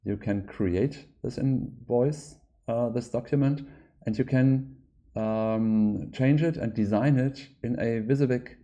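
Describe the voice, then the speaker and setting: A man with a German accent, a native German speaker, walking through a software tutorial in a hesitant way with many filler sounds. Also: lowish voice, creaky, muffled recording. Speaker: app developer giving a tutorial. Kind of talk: screen-recorded software walkthrough.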